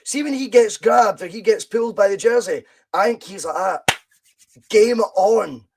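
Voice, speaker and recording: A Scottish man hosting a podcast, chatting about football in an animated, opinionated, emphatic way. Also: high-pitched, brisk, noisy background. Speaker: podcast host. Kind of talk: casual football chat.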